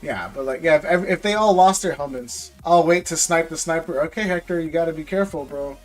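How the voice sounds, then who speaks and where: A man's voice: a little high, brisk, faint music behind. A young man hosting a casual livestream, rambling and ranting, often repeating his words. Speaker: live stream host opening card packs.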